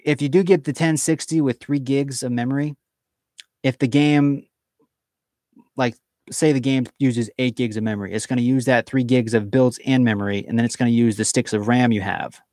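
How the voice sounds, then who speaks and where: A male streamer chats casually with his viewers and reads out their comments as he goes. He rambles, restarts his sentences and leans on fillers, at a middling pitch. The sound is dry and close, as from a desk microphone in a small room. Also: a little mellow, dry recording.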